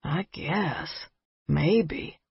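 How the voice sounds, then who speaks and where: A woman's voice: deep voice, drawn-out words, creaky, husky, no echo, dull audio, full character voice. A woman voicing a bossy, impatient young man who acts as a magic warden, in an audiobook. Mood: baffled. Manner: demanding, impatient. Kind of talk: audiobook character voice.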